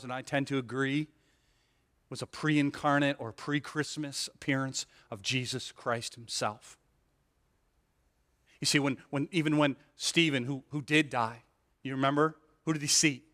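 A male pastor preaching a sermon with animated delivery, rhetorical questions and frequent "right?" asides, restarting and repeating words as he builds a point. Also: mid-range voice, a little slow, long pauses. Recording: long hall reverb.

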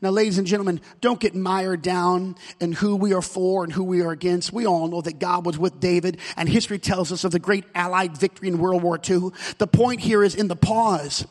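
A male pastor delivering an impassioned sermon that builds to shouted calls. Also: high-pitched, big-room sound.

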